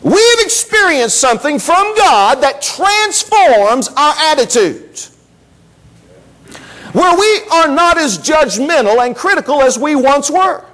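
A male preacher delivers a church sermon in a strikingly high voice. His pitch leaps and swoops as he presses his points. He repeats words as he builds to exclamations. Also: big pitch swings, slow, bright, forceful tone, low-quality recording. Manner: emphatic preaching with repetitions and rising exclamations. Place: church service.

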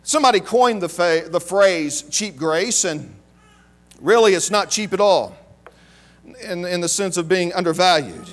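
A man's voice: sits high, lively intonation, measured pace. A male preacher delivering a sermon emphatically, repeating key phrases and calling out to his congregation.

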